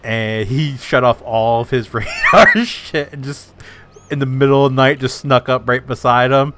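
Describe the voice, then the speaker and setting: A man's voice: medium pitch, normal speed, raised voice, very noisy. A man hosting a gaming channel, chatting casually with a friend and laughing often as he retells TV scenes. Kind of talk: casual chat while gaming.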